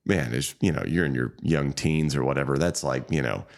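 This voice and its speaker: The fly shop owner talks briskly with vocal fry as a podcast guest, telling rambling, easygoing stories. He restarts a lot and shifts his pitch to quote people.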